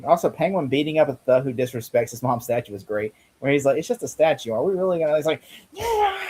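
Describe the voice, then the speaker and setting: A man hosting a casual TV recap chat, acting out characters' lines in quick put-on voices. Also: medium pitch, animated, dark tone, a little hiss or hum. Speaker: podcast host.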